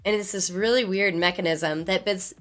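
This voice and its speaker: A woman with laryngitis, sounding hoarse, chatting bluntly and casually with viewers on a live stream from a studio microphone. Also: mid-range voice, moderate pace, fairly bright tone. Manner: blunt, chatty, explains with gestures. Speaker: musician streamer.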